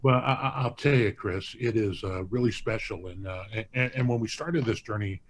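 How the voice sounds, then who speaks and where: A man's voice: lowish voice, moderate pace. A man being interviewed as a museum president, earnest and rambling, often restarting his phrases while he tells stories. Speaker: hall of fame president, guest. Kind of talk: casual interview storytelling.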